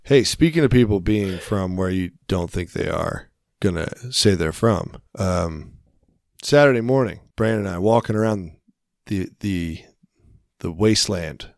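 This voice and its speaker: A man's voice: lowish voice, animated, measured pace, a little mellow, no echo, studio quality. A man co-hosting a casual podcast, telling rambling stories and swearing freely. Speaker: podcast co-host. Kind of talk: casual chat.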